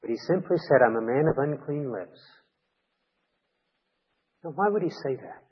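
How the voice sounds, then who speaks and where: A man delivering a sermon with a slightly husky, breathy tone, earnest and emphatic as he leans on repeated words. His voice rings out with a long reverb tail, and the recording sounds dull and lo-fi. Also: on the high side, animated, normal speed. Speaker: pastor.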